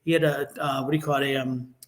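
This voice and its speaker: A man's voice: mid-range voice, level tone, rapid-fire. A man reading tarot and co-hosting a casual live chat, telling stories at length and repeating his agreements. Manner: chatty storyteller, repeats agreements. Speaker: tarot reader and co-host.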